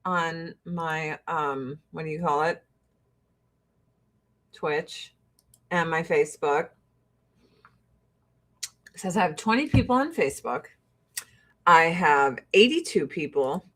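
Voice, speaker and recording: A woman's voice: low voice, animated, takes it slowly, pauses often, fairly bright tone. A woman in her forties ranting on a casual livestream, profane, heated and sarcastic.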